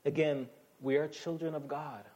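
A pastor preaching a sermon in an emphatic, conversational way, often calling on listeners to listen. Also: male voice, fairly high pitch, steady tone, normal speed, darkish tone.

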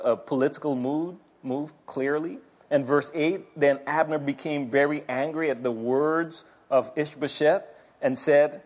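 A man teaching a sermon in a loose, conversational way. His voice sits a little high, and he often restarts and repeats words as he explains a passage. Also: darkish tone. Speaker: pastor.

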